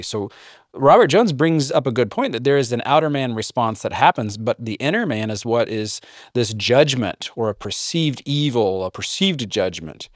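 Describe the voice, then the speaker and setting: A middle-aged man with a mid-pitched voice teaches in a relaxed, conversational way, weaving in scripture and light self-mocking humor. The sound is dry and close, with no room around it. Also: dry recording. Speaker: podcast host and biblical counselor. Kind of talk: casual teaching podcast talk.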